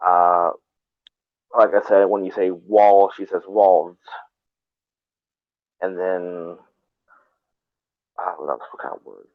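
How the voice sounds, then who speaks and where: A man's voice: low voice, steady tone, slow, long pauses, no echo. A man hosting a live stream, chatting casually in a rambling, profane way with many restarts. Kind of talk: casual chat. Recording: tinny phone-like line.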